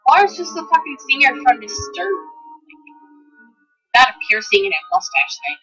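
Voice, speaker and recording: A woman giving excitable, profane commentary while playing a game, talking back to the characters on screen. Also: sits high, moderate pace, breathy edge, soft background music, rough recording. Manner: excitable, swears a lot, talks to game characters. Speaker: let's play gamer. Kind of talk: casual gameplay commentary.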